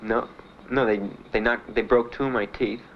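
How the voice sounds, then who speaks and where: A man being interviewed about his time in the service, telling his story in a halting, plainspoken way with many fillers. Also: medium pitch, fairly even intonation. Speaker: veteran interviewee. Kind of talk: documentary interview. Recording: dull archival recording with faint hiss.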